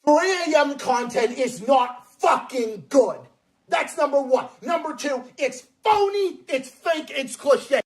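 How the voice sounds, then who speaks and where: A man with a Massachusetts accent ranting loudly and profanely in a mocking, angry online video. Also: very high-pitched, slow pace. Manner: profane, loud, mocking outbursts.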